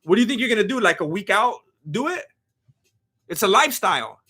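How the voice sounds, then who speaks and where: A very high-pitched man streams a live fight reaction, his voice bright and sharp as he rants and shouts. Between outbursts he stops to thank new followers by name. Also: brisk, husky. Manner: animated, ranting, often shouting.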